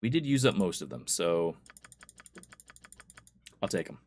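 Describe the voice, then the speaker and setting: A man's voice: low-pitched, big pitch swings, measured pace, a little hiss or hum. A man giving casual, chatty commentary while playing a video game, with amused asides. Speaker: let's play host.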